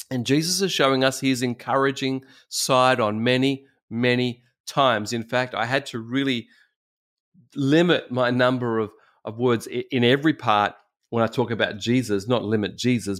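A man's voice: mid-range voice, steady tone, normal speed, a bit bright. A male pastor with an Australian accent, preaching a sermon in a fervent way and repeating phrases for emphasis. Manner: fervent, repetitive exhortation with restarts.

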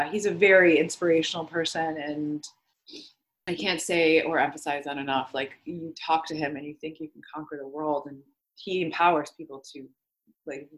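A young woman, a podcast guest, candidly telling her story in casual speech full of "like" fillers and the odd swear word. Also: sits low. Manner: chatty, swears freely, many "like" fillers.

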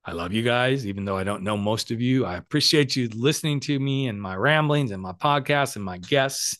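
Animated, swearing middle-aged male podcast coach. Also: mid-range voice, normal speed, no echo, clean studio sound. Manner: animated, emphatic, swears freely. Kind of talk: casual motivational monologue.

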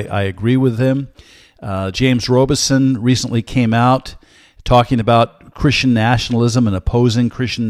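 An older man in his sixties hosts a podcast and teaches from the Bible in a steady, earnest way, pausing on small hesitant fillers. His voice sits at an ordinary middle pitch for a man. It was recorded close and dry, with no room sound. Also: no echo. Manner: earnest, measured, with frequent "uh" fillers. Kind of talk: solo podcast teaching talk.

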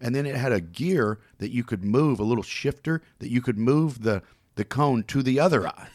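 A man co-hosting a podcast, telling a shopping story in a casual, animated way and acting out what other people said. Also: mid-range voice, normal speed, no room sound, studio quality. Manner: animated anecdote teller, mimics other people. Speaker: co-host.

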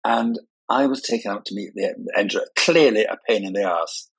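An older man with a lowish, fairly bright voice and a breathy edge speaks at a moderate pace as a guest in a conversational interview. A party and wedding designer raised in Scotland, he has no Scottish accent and sounds English, telling playful, self-mocking stories; the audio has no echo but is poor quality.

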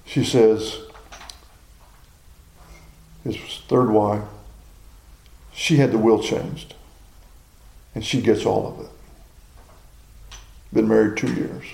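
A man's voice: fairly low pitch, fairly even intonation, takes it slowly, creaky, pauses often, a little mellow, reverberant, poor audio. A man in his sixties preaching a sermon in a folksy, personal storytelling way. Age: 60s.

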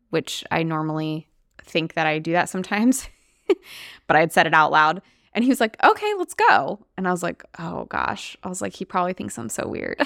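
Chatty woman with a lowish voice. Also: pushed and bright, no echo, clean studio sound. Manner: chatty, upbeat, laughs often. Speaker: podcast host and coach. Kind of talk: casual solo podcast talk.

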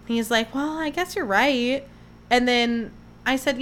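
A woman's voice: a little high, normal speed, sharp tone. A young woman hosting a casual solo podcast, telling chatty, gushing stories and acting out what people said. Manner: chatty, gushing storyteller who acts out quotes. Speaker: podcast host.

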